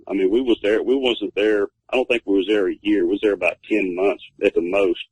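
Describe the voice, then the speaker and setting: A man's voice: fairly low pitch, steady tone, normal speed, breathy edge, no room sound, poor audio. A man, rambling through a personal story as a guest, with many fillers and restarts. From Texas. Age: 50s. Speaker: guest telling his encounter story. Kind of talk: casual spoken storytelling.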